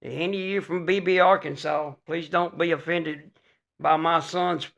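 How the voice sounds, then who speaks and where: A man's voice: on the high side, steady tone, a little slow, gravelly, fairly bright tone. A middle-aged man, co-hosting a podcast with his son and teasing him with dry, folksy jokes. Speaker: podcast co-host, father. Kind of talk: casual chat.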